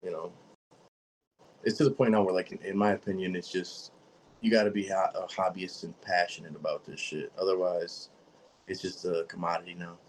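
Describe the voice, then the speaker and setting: Profane, low-voiced man telling stories. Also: moderate pace, a little hiss or hum, low-quality recording. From Michigan, US. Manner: profane, animated storytelling with quoted voices. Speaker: guest. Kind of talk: casual podcast chat.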